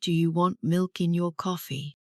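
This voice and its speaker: A woman playing a friendly coffee shop barista in a practice dialogue, saying short, simple lines slowly for learners to repeat. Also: fairly low pitch, steady tone, a little mellow, no echo, clean studio sound, lightly acted. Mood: welcoming.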